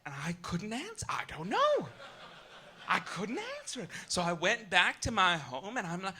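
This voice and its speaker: Campy, theatrical male comic, bright voice. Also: high voice, very animated, normal speed. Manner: campy, arch, theatrical with sudden loud outbursts. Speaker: comedic host. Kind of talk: live stand-up monologue. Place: live club stage.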